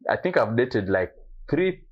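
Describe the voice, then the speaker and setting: A man's voice: mid-range voice, sing-song, measured pace, breathy edge, lo-fi sound. A young man from Eastern Uganda, a guest actor telling stories in a casual podcast chat and acting out what others said. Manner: storytelling, acts out quotes, restarts often.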